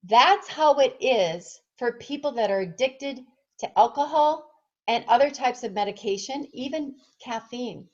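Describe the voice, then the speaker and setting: A woman's voice: fairly high pitch, lively intonation, measured pace, muffled recording. A woman who works as a fitness trainer and nutrition coach, giving a passionate motivational talk and putting rhetorical questions to her listeners. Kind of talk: direct-to-camera motivational talk.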